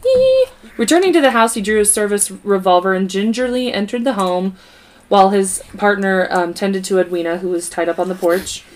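A woman's voice: mid-range voice, brisk, slight background noise. A woman co-hosting a podcast, reading a true crime case aloud in a casual way, stumbling over words and adding asides. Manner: reads from notes with stumbles and asides.

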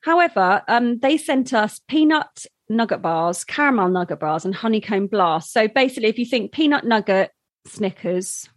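A woman's voice: fairly high pitch, expressive, moderate pace, dry recording, studio quality. A woman co-hosting a podcast, chatty and giggly in casual conversation. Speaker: podcast co-host. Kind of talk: casual chat.

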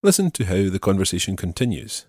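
A man who hosts a language podcast and explains a lesson patiently and methodically, slowing down to model each word. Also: low voice, very animated, darkish tone, slightly rough, no room sound.

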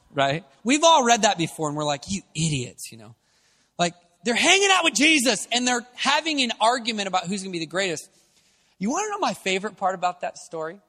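Male preacher, high and bright, casual asides building to shouted exhortation, long hall reverb. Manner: swings from conversational to shouting exhortation. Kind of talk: energetic sermon.

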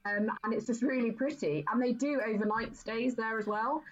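A woman's voice: on the high side, moderate pace, lo-fi sound, soft background music. A woman chatting casually and enthusiastically, telling stories with an easy, friendly flow. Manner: chatty, enthusiastic storyteller with frequent laughs. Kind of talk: casual chat.

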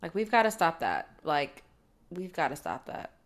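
A woman's voice: low-pitched, sing-song, moderate pace. A woman co-hosting a casual recap chat, chiming in with blunt short reactions and asides. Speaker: podcast co-host.

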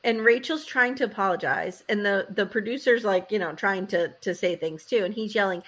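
A woman co-hosting a podcast recaps a reality show in casual chat, telling it animatedly, acting out the quotes, and saying "like" a lot. Her medium-pitched voice moves at a moderate pace with few pauses.

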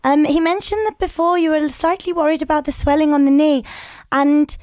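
A woman's voice: steady tone, dry recording, studio quality, natural voice. A woman putting on a to voice a female hospital secretary calling about a patient's x-rays. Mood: officious. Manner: bright, high, brisk put-on voice.

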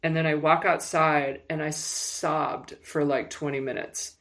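A woman's voice: sits low, a little slow. Candid woman telling a personal story. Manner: animated, frequent fillers and restarts. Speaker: guest, music publicist.

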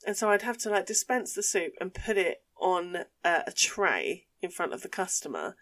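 A young woman co-hosting a podcast, telling a story in casual chat with animated delivery and frequent swearing. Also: fairly low pitch, normal speed. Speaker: podcast co-host.

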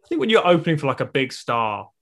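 A man's voice: on the high side, big pitch swings, fast talker. A man, a stand-up comedian, musing in casual chat with a self-deprecating manner.

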